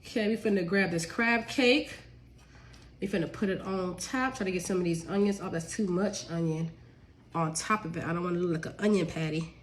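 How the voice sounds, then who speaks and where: This woman's voice sits fairly low and runs a little fast, with a faint hiss or hum on the recording. A cookbook author and home cook with a cold, she sniffles through a relaxed live cooking stream, calling her viewers y'all, chatting away, and laughing readily.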